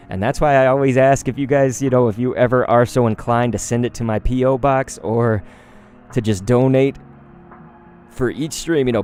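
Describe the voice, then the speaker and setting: A young man chatting excitedly on a live stream while opening trading cards, talking straight to his chat in slangy, hyped-up bursts. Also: mid-range voice.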